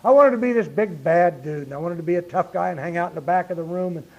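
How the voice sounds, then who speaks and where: Middle aged guy sharing at a meeting, earnest and punchy, slightly high voice. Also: fast, darkish tone. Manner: earnest, rises to emphatic, repeats "you see". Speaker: speaker sharing his recovery story. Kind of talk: recovery meeting talk. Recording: lo-fi 1990s meeting tape.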